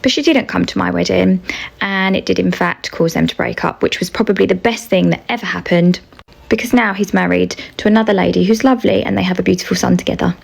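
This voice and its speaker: A woman speaks quickly in a strongly gravelly, husky voice. She tells the story in an offhand, casual way. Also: lowish voice.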